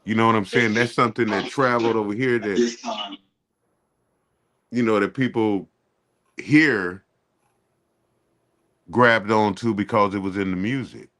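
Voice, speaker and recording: A man's voice: lowish voice, fairly even intonation, unhurried, pauses often, fairly bright tone. A man hosting a casual radio chat, laid-back and peppering his talk with you know what I'm saying.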